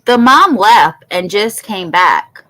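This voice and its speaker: A woman in casual conversation about a news case, unhurried and conversational. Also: mid-range voice, big pitch swings, sharp tone, low-quality recording. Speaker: co-host.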